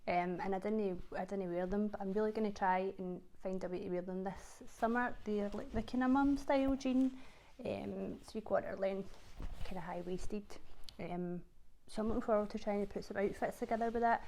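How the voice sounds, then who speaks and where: A Scottish vlogger chats casually to camera in a loose, filler-heavy way, doubling up words for emphasis. Her voice sits at an ordinary middle pitch, steady and warm with vocal fry, at a normal speed.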